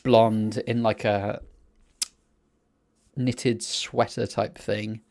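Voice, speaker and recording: A man co-hosting a casual podcast, telling rambling, sweary anecdotes in a relaxed chatty way. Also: fairly low pitch, extremely slow. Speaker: podcast co-host.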